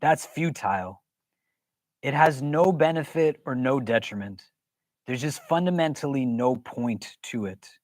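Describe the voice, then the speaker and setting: A man's voice: mid-range voice, animated, measured pace, a little mellow, no room sound. A man teaching a religious class, talking conversationally and often putting questions to the audience. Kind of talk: interactive religious lesson.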